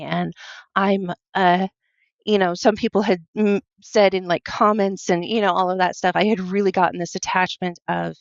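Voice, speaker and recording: Woman, podcast guest, emotional personal storytelling, halting, earnest, dry close sound, slightly muffled. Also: medium pitch, fairly even intonation, vocal fry, no room sound. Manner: earnest, halting, with many fillers and quoted self-talk.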